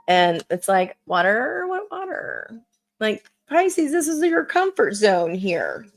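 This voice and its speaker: A woman reads tarot cards live for her viewers, and she talks at an unhurried pace. Her delivery is chatty and encouraging, full of small fillers as she works through each card. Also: medium pitch. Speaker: tarot reader.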